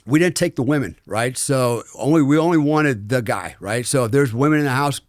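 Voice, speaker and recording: A middle-aged American man, a former special forces soldier guesting on a podcast, tells stories in a conversational interview. His medium-pitched voice moves a little fast, frank and rambling with many fillers and restarts, recorded dry and close with no echo.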